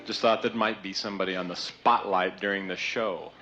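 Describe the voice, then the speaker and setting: Exasperated stand-up comic on a live stage. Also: male voice, deep voice, fairly even intonation, brisk, music in the background. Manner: mock-exasperated, rising to shouts. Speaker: stand-up comedian. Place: stage before a live audience. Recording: dull vintage live TV audio with crowd.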